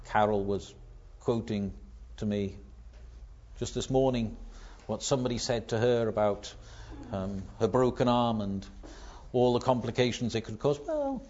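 A man preaching a sermon, swinging from loud emphatic lines to hushed, near-whispered ones. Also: fairly low pitch, steady tone, a little slow, long pauses, muffled recording.

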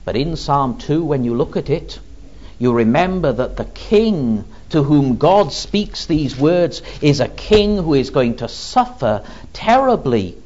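A man preaching a sermon, slow and deliberate, asking his listeners rhetorical questions. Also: fairly high pitch, very animated, a little mellow. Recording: dull lo-fi recording.

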